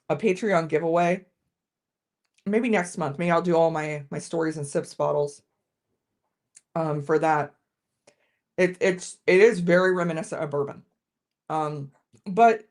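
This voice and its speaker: A woman with a slightly low voice chats through a live whiskey tasting from home. She talks casually to her viewers and often trips over the start of her sentences. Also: a little mellow. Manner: chatty, restarts sentences often, greets viewers. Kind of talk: casual live-stream chat.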